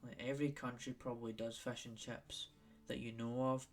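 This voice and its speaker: Faint music plays behind a young Scottish podcaster talking at normal speed. His medium-pitched voice barely moves in pitch, and he rambles through tangents, repeating himself along the way.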